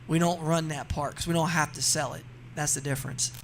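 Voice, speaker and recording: Animated high-voiced man telling stories. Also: brisk, creaky, a little hiss or hum. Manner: animated storyteller, laughs often, says "you know what I mean". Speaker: racing guest. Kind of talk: casual radio interview chat.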